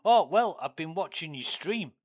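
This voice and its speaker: Guy doing an eager northern english bloke, pitched way up, loud and keen to help. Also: lively intonation, moderate pace. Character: pushy northern English man offering help.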